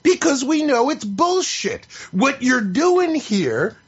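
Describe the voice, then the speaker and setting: A man's voice: very high voice, big pitch swings, slow, husky. A man hosting an opinion podcast, venting in an exasperated, sarcastic, profane rant. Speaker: podcast host. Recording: slightly muffled lo-fi audio.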